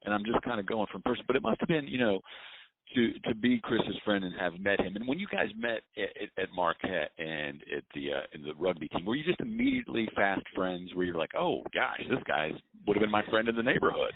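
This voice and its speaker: Deep-voiced man on a phone-like line. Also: big pitch swings, fairly quick, creaky. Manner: conversational, asks long questions. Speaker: host, interviewer. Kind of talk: interview chat. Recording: phone-like line with faint noise.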